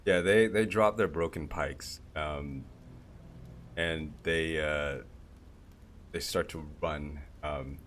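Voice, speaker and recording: A man narrating a tabletop game as game master, halting and searching for words. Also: extremely low pitch, fairly bright tone, slight background noise. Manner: halting, many fillers and restarts.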